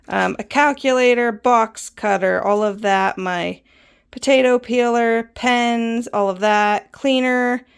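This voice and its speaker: A casual woman in her thirties talks through a home tour, unhurried and a little breathless. Her voice has a gravelly edge, and she laughs easily while listing things off. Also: medium pitch, a bit bright. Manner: chatty, lists items, laughs often. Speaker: soap maker giving a studio tour. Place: home room.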